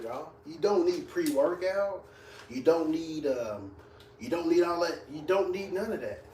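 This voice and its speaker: A man's voice: fairly high pitch, animated, unhurried, warm tone. A man who trains people, reacting to live comments in a blunt, mocking and profane way. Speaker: fitness trainer. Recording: echoey room, distant mic, faint hiss.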